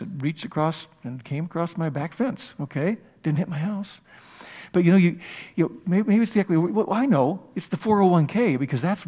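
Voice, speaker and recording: A male pastor preaching a sermon in a somewhat high voice. He tells stories in a halting way and often restarts his sentences. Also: a little mellow. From United States. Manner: storytelling, halting with many restarts.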